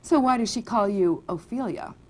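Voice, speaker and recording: A woman reading as an indignant, smug young gentleman. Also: mid-range voice, lively intonation, normal speed, pitched above the performer's own voice, natural voice. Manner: loud and indignant.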